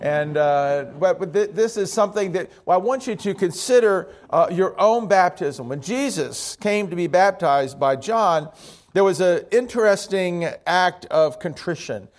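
A man's voice: high voice, expressive, a little slow. A male pastor preaching a sermon to his congregation in a conversational way, with joking asides.

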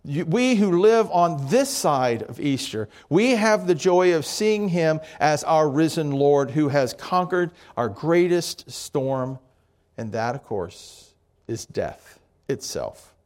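Middle-aged male pastor, sermon delivery, slightly higher voice, storytelling with restarts and dramatic drops in volume. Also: very animated, slow pace, a little mellow.

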